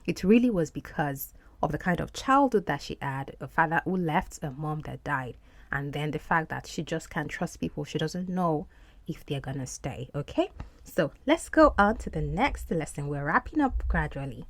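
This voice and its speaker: A woman teaching English over film clips, her pitch leaping up and down as she explains and repeats words for practice. The recording is dry and close, with no room sound. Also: animated, moderate pace, no echo. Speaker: podcast host and English teacher.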